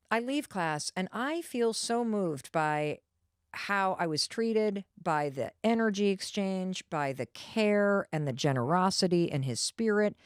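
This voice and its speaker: A woman host tells a personal story, leaning in with lively, confiding energy and frequent asides to the listener. Her voice sits in a middle range and sounds dry and close to the mic. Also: medium pitch, dry recording.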